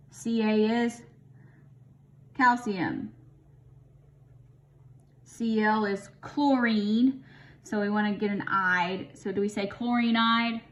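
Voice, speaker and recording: Slow-talking woman teaching a chemistry lesson. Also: mid-range voice. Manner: casual, chatty, thinks aloud with mild humor. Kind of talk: recorded lesson explanation.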